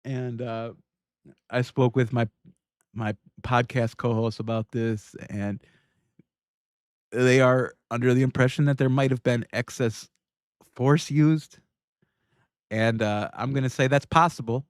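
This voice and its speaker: A man's voice: mid-range voice, fairly even intonation, a little slow, long pauses, clear, resonant tone, no echo, clean studio sound. A man hosting a livestream, reacting to video clips in casual, irreverent commentary and laughing often. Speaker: livestream host.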